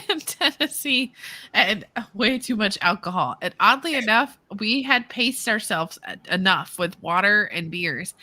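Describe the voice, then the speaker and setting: A woman's voice: mid-range voice, lively intonation, unhurried, sharp tone. A woman co-hosting a casual chat, telling stories with lots of laughter and swearing. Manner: laughing storyteller, swears freely. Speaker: podcast co-host.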